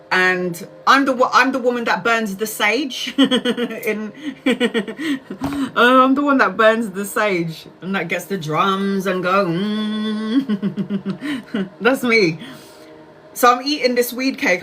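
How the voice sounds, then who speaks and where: A woman's voice: medium pitch, a little slow, pushed and bright, a little hiss or hum. Chatty, laughing woman telling a livestream story. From Brazil. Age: 40s. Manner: chatty, laughs often, swears freely, acts out quotes. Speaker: tarot reader livestream host.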